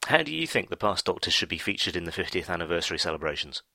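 A man, the podcast host, reads a brisk, upbeat scripted sign-off. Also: low-pitched, very animated, gravelly, pushed and bright, dry recording.

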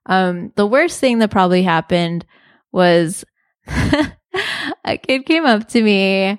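A woman's voice: medium pitch, slow pace, clear, resonant tone, no room sound, studio quality. Chatty young woman telling a story. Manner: chatty, animated, lots of "like" and laughs. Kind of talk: casual storytelling.

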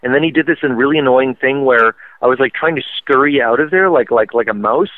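A man's voice: medium pitch, a little fast, no room sound. A man from Quebec co-hosting a casual gaming podcast, telling stories in a rambling way with lots of fillers. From Quebec, Canada. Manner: rambling, filler-heavy storytelling. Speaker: podcast co-host. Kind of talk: casual chat. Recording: tinny phone-like line.

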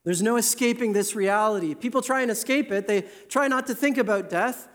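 A man preaching a sermon in an earnest, emphatic way, slowing down to stress key words. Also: high voice, a bit bright.

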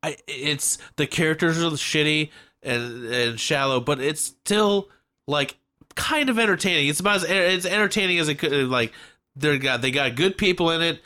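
A man's voice: on the high side, moderate pace. A man co-hosting a podcast, chatting casually about a movie and joking as he acts out lines. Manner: animated, jokey, acts out quotes. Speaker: podcast co-host. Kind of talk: casual movie-review chat.

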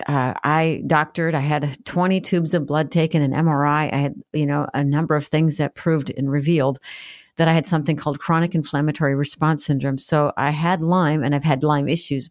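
A woman's voice: low voice, fairly even intonation, moderate pace, darkish tone, dry recording, clean studio sound. Earnest middle-aged woman telling her story. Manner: earnest, vivid storytelling that acts out remembered prayers. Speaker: guest author. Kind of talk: personal testimony in a radio interview.

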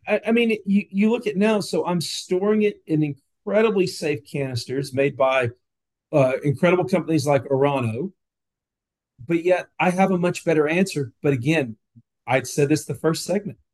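A man with a slightly high voice speaking as an interview guest, pressing his points with insistent repetition. He sounds passionate and argumentative, piling up examples one after another. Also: moderate pace, a little mellow. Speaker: guest, nuclear industry advocate.

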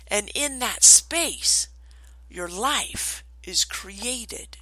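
A woman giving a motivational self-help talk, expressive and emphatic, often dropping to a whisper. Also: medium pitch, slow, no echo, rough recording. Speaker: motivational speaker.

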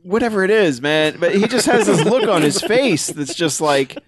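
A man in casual chat about a movie, getting animated and acting out characters' reactions. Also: normal speed, no room sound, clean studio sound. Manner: animated, jumps pitch when quoting.

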